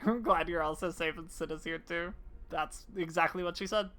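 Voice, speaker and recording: A woman chats through a live gaming stream, reading lines aloud and cracking jokes. Her voice is bright and forward. She swears casually and drops into silly voices. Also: on the low side, fairly even intonation, normal speed. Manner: reads game dialogue aloud in playful voices, swears casually.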